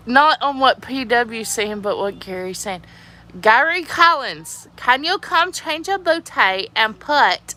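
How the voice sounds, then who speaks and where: A young adult woman with a childlike voice, chatting casually and giggling as she reads out viewer comments on a livestream. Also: a little high. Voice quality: childlike, youthful-sounding voice. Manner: giggly, animated, laughs often. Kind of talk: casual live chat reading viewer comments.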